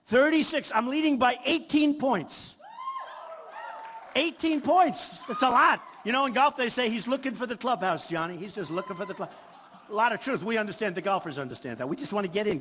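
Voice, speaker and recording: A man's voice: very high-pitched, bright, forceful tone, slight background noise. A man in his sixties giving an off-the-cuff campaign rally speech, boastful and repetitive. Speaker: candidate at a rally. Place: large hall before a crowd. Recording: reverberant hall, faint ambience.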